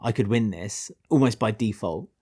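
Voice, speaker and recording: A man with a Welsh accent, co-hosting a podcast in casual chat, animated and full of restarts. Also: moderate pace, husky. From Wales. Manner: animated, chatty, with many restarts and sudden pitch jumps. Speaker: podcast co-host.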